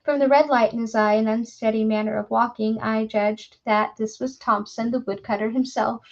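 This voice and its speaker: A woman reading a story aloud in a measured, formal narrating style. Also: on the high side, fairly even intonation, highs cut off. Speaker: audiobook reader.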